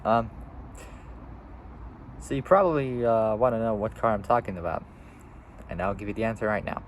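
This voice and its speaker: A man's voice: lowish voice, moderate pace, slight background noise, rough recording. A seventeen-year-old boy vlogging outdoors, rambling casually with lots of fillers and restarts. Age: teens. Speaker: YouTuber. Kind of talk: casual vlog.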